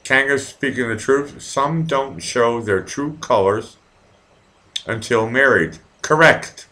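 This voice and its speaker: A mid-range male voice takes it slowly as a live stream host in his 40s rants with profanity, chatting with viewers and reading their comments. He comes from Massachusetts near Boston, and his rambling delivery swings between mumbling and loud outbursts.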